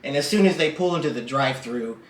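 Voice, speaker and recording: Loud joking man in an echoey room. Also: medium pitch, quick pace. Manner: loud, joking, swears often. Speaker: podcast co-host. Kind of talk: casual chat.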